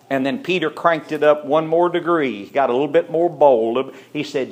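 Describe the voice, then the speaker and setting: A man's voice: on the high side, normal speed, few pauses. A man preaching a sermon, telling the story with feeling and acting out the characters' lines.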